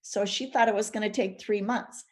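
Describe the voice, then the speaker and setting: A woman's voice: mid-range voice, steady tone, normal speed. A woman from Minnesota, speaking on a panel, reflectively telling the story of how her family history became a film. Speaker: documentary subject. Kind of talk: panel discussion.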